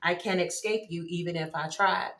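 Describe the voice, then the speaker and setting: A woman with a lowish voice and moderate pace reads tarot for her viewers in a casual way. Excitable, she exclaims over the cards as they turn up and laughs a lot.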